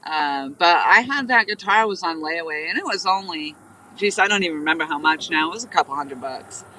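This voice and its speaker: A woman's voice: low-pitched, expressive, a little fast, pushed and bright, poor audio. A woman from New Hampshire hosting a casual live stream while fishing, rambling through stories and greeting viewers by name. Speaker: livestream host. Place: outdoors on a riverbank, fishing.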